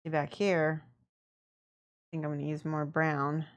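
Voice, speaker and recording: A young woman casually explaining her painting as she works, chatty and relaxed, answering her viewers and laughing often. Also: low-pitched, slow pace. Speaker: miniature painting streamer. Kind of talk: casual painting tutorial chat.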